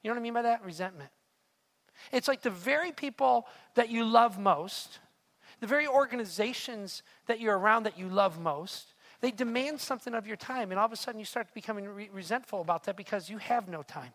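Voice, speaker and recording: A man's voice: high-pitched, brisk, fairly bright tone. A man preaching a sermon in an earnest, confessional way, often repeating words as he speaks to the room. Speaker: pastor. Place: church hall. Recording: long hall reverb.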